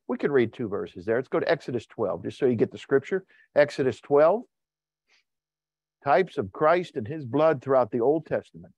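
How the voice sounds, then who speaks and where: A man preaching a Wednesday night sermon who acts out voices and shouts for effect. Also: mid-range voice, no room sound, highs cut off. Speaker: pastor.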